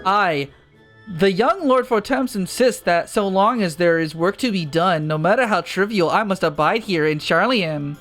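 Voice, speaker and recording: A man's voice: sits high, animated, fairly bright tone, faint music behind. A man voicing a spoiled, pompous young nobleman with a nasal, whining voice, reading game dialogue aloud. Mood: complaining. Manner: haughty, drawn-out complaining.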